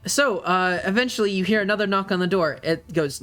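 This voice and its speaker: A man's voice: high voice, fairly quick, background noise. A man narrating a tabletop game as game master, rambling with many fillers.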